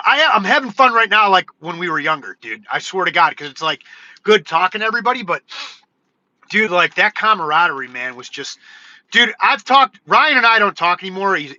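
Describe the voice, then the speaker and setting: Rambling, excitable streamer; very bright, forward voice, close and dry. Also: male voice, high voice, dry recording, dull audio. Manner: rambling and excitable, peppered with "dude" and "bro". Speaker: livestream host. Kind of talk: casual livestream chat.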